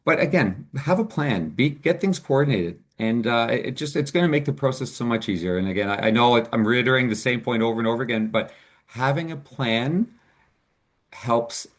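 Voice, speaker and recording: A man's voice: mid-range voice, lively intonation, a little fast. A man presenting as a financial advisor in a webinar, explaining options in an earnest, upbeat way.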